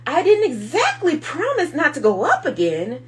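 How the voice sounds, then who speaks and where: A woman voicing a young boy in a storybook read-aloud, crying out in high, urgent bursts. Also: huge pitch swings, normal speed. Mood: pleading. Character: young boy adventurer, excitable.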